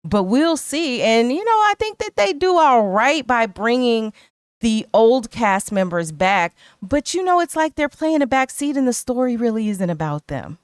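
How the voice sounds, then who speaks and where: A woman's voice: a little high, sing-song, moderate pace, clean tone, no echo, clean studio sound. A middle-aged woman co-hosting a podcast, chatting casually and thinking aloud with lots of "you know.". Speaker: podcast co-host. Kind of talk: casual chat.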